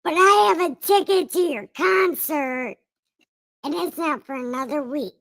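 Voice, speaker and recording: Comic bit: a woman playing a squeaky, excitable possessed man, high and gravelly. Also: unhurried, no room sound. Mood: excited. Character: squeaky naked demon-possessed man from tombs.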